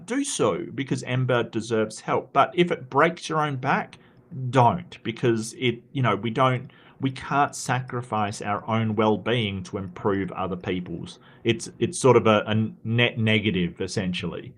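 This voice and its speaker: A man's voice: medium pitch, a bit bright. An Australian man hosting a casual live stream, reading viewer comments aloud and rambling through replies with frequent restarts.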